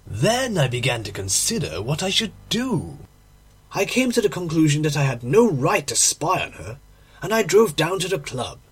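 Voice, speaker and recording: A man's voice: fairly high pitch, breathy edge. A man narrating a classic short story in a dramatic, emotional audiobook reading. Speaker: audiobook reader.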